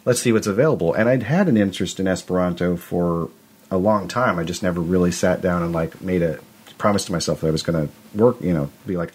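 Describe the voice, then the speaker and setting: A man with a very low, husky voice talks in a relaxed podcast conversation. He speaks hesitantly, restarting his sentences often, and slips in bits of dry humor. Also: fast talker. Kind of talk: casual chat.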